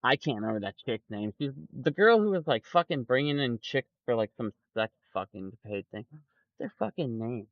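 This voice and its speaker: Profane ranting man, lively pitch. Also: moderate pace, dry recording. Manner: profane, angry ranting with frequent swearing; mocking put-on voices for quoted people. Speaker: stock market streamer. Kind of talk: ranting livestream commentary. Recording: dull lo-fi audio, dry.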